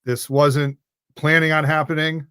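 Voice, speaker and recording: A male host with a smooth, resonant voice speaks on a live show, so moved he is near tears. He keeps repeating stunned exclamations. The sound is dry and close to the mic. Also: fairly high pitch, level tone, a little slow, pushed and bright, dry recording.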